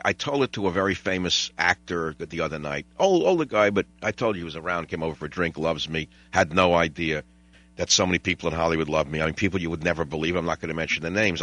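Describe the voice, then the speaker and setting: Older guy on talk radio, kinda low voice, bright and punchy, dry studio sound, wanders off into stories. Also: quick pace, dry recording. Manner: digressive, wry, mimics voices and jokes with callers. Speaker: radio talk show host. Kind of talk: rambling talk radio monologue. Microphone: studio microphone.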